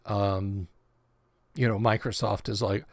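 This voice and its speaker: A man's voice: on the low side, steady tone, takes it slowly, vocal fry, no room sound, studio quality. A man hosting a livestream, chatting casually in a rambling way and often stumbling over and repeating words. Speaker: livestream host of a tabletop game channel.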